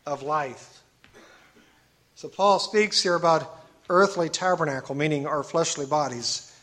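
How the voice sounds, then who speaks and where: A man with a notably high-pitched voice delivers a sermon in an earnest, emphatic way. He presses his listeners with rhetorical questions and slows down to read scripture with deliberate weight. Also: fairly bright tone. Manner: reads scripture slowly and deliberately. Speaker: preacher.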